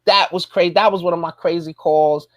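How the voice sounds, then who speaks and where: A man's voice: a little high, fairly even intonation, fairly quick, dry recording. Laid-back male guest, rambling casual chat, dry close recording. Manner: laid-back, rambling, lots of "man" and "you know".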